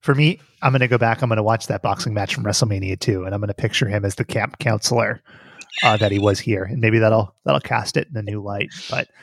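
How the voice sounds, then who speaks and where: Gravelly, husky podcast host man. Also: lowish voice, fairly even intonation, fast talker, dry recording. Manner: laughing, rambling, profane. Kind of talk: casual podcast banter.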